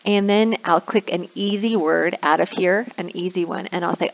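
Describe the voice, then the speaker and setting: A woman's voice: on the low side, normal speed, vocal fry, few pauses, lo-fi sound. A woman teacher explaining an online classroom game in a chatty tutorial walkthrough. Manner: chatty, demonstrating her lively classroom voice.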